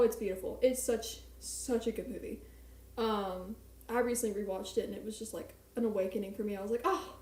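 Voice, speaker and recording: A woman's voice: a little high, dark tone, roomy sound. A young woman streamer chatting casually and rambling, with a self-mocking manner, in a small home apartment at night. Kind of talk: casual live-stream chat.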